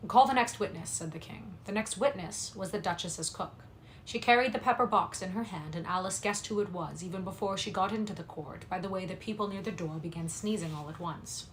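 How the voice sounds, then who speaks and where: A woman reading a classic novel aloud from a home streaming setup, in a slightly low voice with a faint hum of room noise behind her. She reads at a quick pace and drops into soft, apologetic chat with her viewers between passages. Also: rough recording. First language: English. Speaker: livestream reader.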